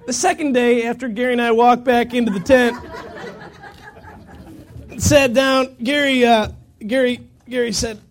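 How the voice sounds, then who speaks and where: High-voiced man telling a sermon story. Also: unhurried, pauses often. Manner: animated, self-mocking storyteller with acted-out quotes. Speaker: pastor.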